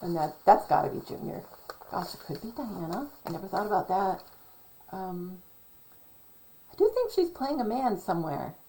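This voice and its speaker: A woman talks to her camera in a loose, meandering vlog style at an ordinary middle pitch. She thinks aloud, spells out words letter by letter and circles back on herself. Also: big pitch swings, normal speed, pauses often, warm tone, slight background noise, rough recording. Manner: many fillers and restarts, musing. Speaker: channel host. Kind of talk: casual vlog commentary.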